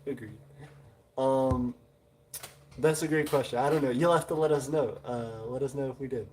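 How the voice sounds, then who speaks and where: Brief: male stream host with a Southern drawl, warm, relaxed tone, loose chatty delivery full of "uh"s. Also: mid-range voice, normal speed, slight background noise. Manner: rambling, many "uh" fillers. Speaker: livestream host. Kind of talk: casual live chat reading viewer comments.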